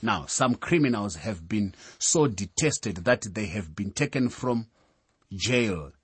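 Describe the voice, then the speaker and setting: Slow, husky-voiced male preacher. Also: lowish voice, animated, no room sound. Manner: solemn, deliberate, reads scripture references aloud. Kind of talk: sermon.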